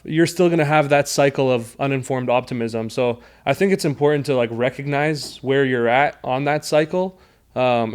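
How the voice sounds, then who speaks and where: A man as an interview guest, explaining things earnestly in a measured way about his team. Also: mid-range voice, clean tone. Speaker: guest, sales team leader. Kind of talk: casual interview chat.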